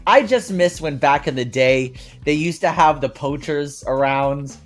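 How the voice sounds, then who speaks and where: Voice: medium pitch, unhurried, soft background music. Enthusiastic panel member asking questions. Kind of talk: casual panel chat.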